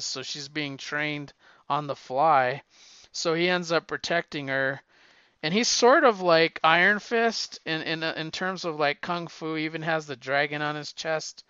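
A podcast co-host with a sharp, smooth, higher voice talks a little slowly as he casually chats about comics, rambling and stumbling over restarts and fillers. The recording has no room sound and its highs are cut off.

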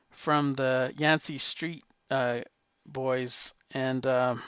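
Rambling, enthusiastic comic-book talker. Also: male voice, medium pitch, fairly bright tone, clean tone, dry recording, lo-fi sound. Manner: rambling, enthusiastic retelling with quoted lines. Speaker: comic book podcast host. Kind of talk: casual rambling monologue.

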